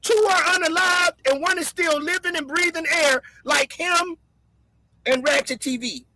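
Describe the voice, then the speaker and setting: Bright high-voiced man hosting a live stream. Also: a little slow, no room sound, rough recording. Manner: emphatic, repeats key lines for effect. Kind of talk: casual live-stream commentary.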